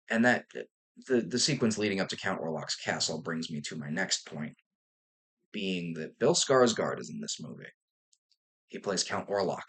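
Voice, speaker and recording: A man's voice: fairly low pitch, a bit bright, breathy edge. A young man talking casually and enthusiastically about a film, rambling with fillers and restarts and casual swearing. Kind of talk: casual movie review vlog.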